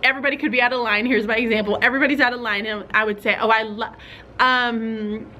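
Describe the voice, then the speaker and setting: A young woman teacher, chatting casually to other teachers in a vlog and thinking out loud with fillers and small laughs. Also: a little high, steady tone, very fast, slight background noise.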